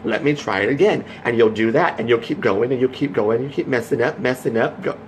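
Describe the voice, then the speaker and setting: A man talks straight to his viewers in a casual storytelling vlog, rambling with restarts and growing animated as he turns motivational. His voice sits at an ordinary middle pitch. A faint ambient hiss runs underneath. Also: fast, low-quality recording. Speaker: vlogger.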